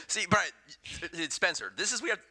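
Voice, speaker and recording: A man's voice: high voice, huge pitch swings, moderate pace, bright, forceful tone. A man co-hosting a podcast, joking and laughing often in casual chat. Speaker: podcast co-host.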